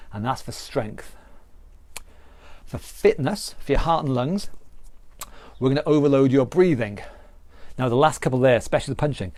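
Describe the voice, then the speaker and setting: A man's voice: medium pitch, warm tone, no room sound. Earnest British male fitness instructor. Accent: British English. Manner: earnest, repetitive explaining with restarts. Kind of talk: live online exercise class talk.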